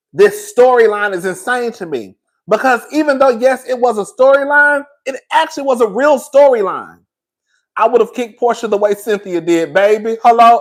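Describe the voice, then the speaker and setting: A reality TV commentator with a very high-pitched, fairly bright voice gives a casual, opinionated review of a reality show. He's sassy and blunt, swears freely, and calls his viewers girl and baby.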